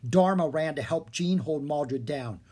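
A narrator reading a children's fantasy book aloud with steady storytelling. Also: mid-range voice, measured pace, slightly rough. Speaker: audiobook narrator.

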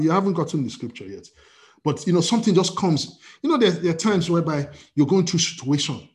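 A man's voice: mid-range voice, darkish tone. A man preaching as pastor, emphatic and repetitive, with many restarts and fillers. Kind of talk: sermon.

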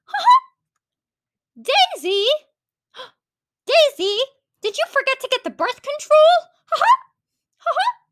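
A woman putting on the high, giggling voice of a cheeky male cartoon mouse. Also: big pitch swings, takes it slowly, pauses often, fairly bright tone, dry recording, exaggerated voice. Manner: giggling falsetto, crude jokes.

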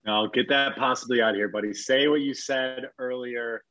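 A man's voice: medium pitch, fairly even intonation, moderate pace, sharp tone, low-quality recording. A man co-hosting a podcast, ranting emphatically in casual chat, full of "like" and "dude". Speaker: podcast co-host.

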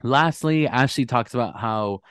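A man's voice: mid-range voice, measured pace, fairly bright tone, clear, resonant tone, no room sound. A man co-hosting a casual podcast, recapping episodes and laughing often. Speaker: podcast co-host.

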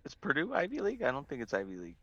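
A man's voice: medium pitch, huge pitch swings, very fast, pushed and bright, dry recording, muffled recording. A man from California with a Californian accent, co-hosting a casual podcast with laid-back joking banter. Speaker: podcast co-host. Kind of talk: casual chat.

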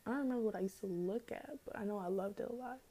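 Rambling young woman, mellow voice. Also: medium pitch, rapid-fire, slightly rough. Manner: rambling, slangy, lots of "like". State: out of breath. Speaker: podcast host. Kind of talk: casual solo podcast chat.

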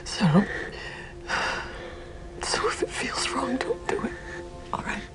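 A woman's voice: on the high side, wildly swooping pitch, slow pace, heavily acted. An actress playing a dying young mother who tearfully whispers her farewell to her son, in a show clip with music behind. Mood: tender whisper. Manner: tearful, whispered, breaking into sobs.

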